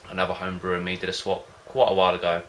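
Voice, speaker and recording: Deep, flat-voiced rambling home-brew vlogger. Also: male voice, rapid-fire, slight background noise. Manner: rambling, hesitant, loses his thread. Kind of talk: casual rambling chat to camera.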